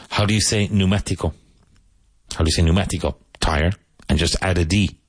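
A man with a Cork Irish accent teaching English phrases to Spanish speakers, repeating each model sentence slowly and deliberately. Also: sits low, steady tone, husky, no room sound. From Ireland (Cork).

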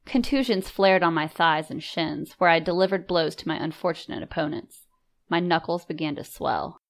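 A woman reading a story aloud in measured, composed first-person narration. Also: sits low, vocal fry. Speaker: audiobook narrator.

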